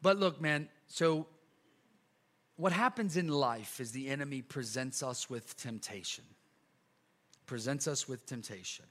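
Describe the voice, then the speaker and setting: A male pastor preaching a casual, energetic sermon to a church congregation, full of slang, repeats and asides. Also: medium pitch, a little slow, pauses often. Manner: lively, chatty preaching with slang and repetitions. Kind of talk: sermon with a live illustration.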